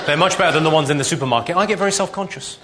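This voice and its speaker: Man, stand-up comedian, deadpan one-liners, slightly high voice, loud background noise. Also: very fast. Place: live comedy venue.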